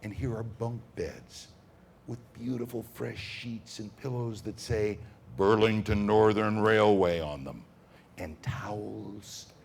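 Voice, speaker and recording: A man telling stories to children at a school, dramatic and animated, swinging from whispers to booms. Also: slow, gravelly, a little hiss or hum. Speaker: storyteller. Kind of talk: storytelling to children.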